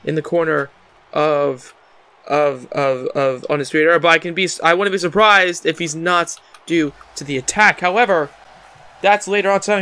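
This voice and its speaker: High, bright-voiced excitable game commentator. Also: male voice. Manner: excitable, stumbles and repeats words. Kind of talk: casual play-by-play commentary.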